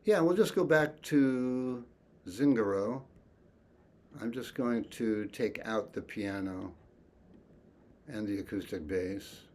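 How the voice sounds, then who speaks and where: Soft-spoken man teaching a music lesson. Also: lowish voice, takes it slowly, pauses often, slight background noise. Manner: soft-spoken, thoughtful, chants rhythm syllables.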